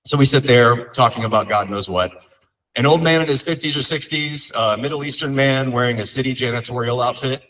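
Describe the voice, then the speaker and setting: A man's voice: mid-range voice, a little fast, fairly bright tone, recorded from a distance, rough recording. A young man speaking as a son at his father's memorial, telling heartfelt stories with light humor. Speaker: son giving a eulogy. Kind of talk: memorial eulogy storytelling.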